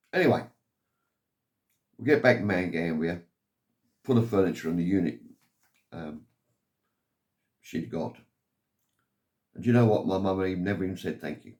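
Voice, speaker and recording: Speaking at a moderate pace with long pauses, an older man from England uses his deep voice to tell his life story for a vlog. The story drifts and carries a note of grievance, and he keeps saying "anyway."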